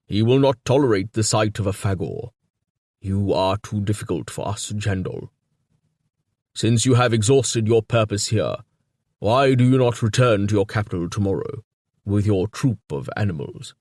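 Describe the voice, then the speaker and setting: Coolly formal stout old king in an audiobook, breathless and wheezy as he speaks, voiced by a male narrator. The voice sits fairly low and sounds close and dry, with little room around it. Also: lively intonation, darkish tone, dry recording. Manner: measured and formal. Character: corpulent wheezing older male king, cool and evasive. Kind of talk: audiobook character reading.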